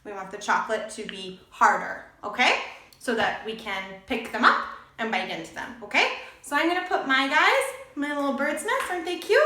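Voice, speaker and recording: Bubbly, high-voiced woman teaching a recipe. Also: expressive, moderate pace, bright, forceful tone, reverberant. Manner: bubbly, checks in with "okay?" often. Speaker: cooking host for English learners. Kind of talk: cheerful teacher-like cooking demo.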